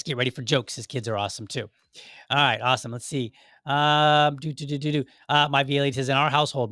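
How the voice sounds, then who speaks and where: A man's voice: medium pitch, fairly bright tone, dry recording. Rambling male podcast host, dry sound. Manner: rambling, self-correcting, acts out little dialogues. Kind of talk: casual solo commentary.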